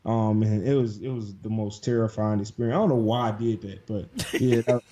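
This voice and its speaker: A man's voice: fairly low pitch, brisk, warm tone. A man in his twenties from Detroit, a game developer chatting casually and rambling with many fillers. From Detroit, USA. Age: 20s. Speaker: podcast guest and game developer. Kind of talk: casual chat. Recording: dull lo-fi sound.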